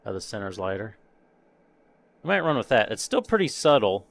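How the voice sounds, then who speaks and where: A man with a slightly low voice chats on a live stream as he paints and sorts a model kit. He mutters to himself, trails off mid-thought and chuckles at small mishaps, all in an unhurried casual way. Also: sing-song, creaky. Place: home workshop.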